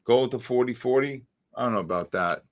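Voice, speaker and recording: A brisk, mid-range male voice belongs to a livestream trading host from the Bronx, New York. He keeps things brash and joking and singles out viewers by name.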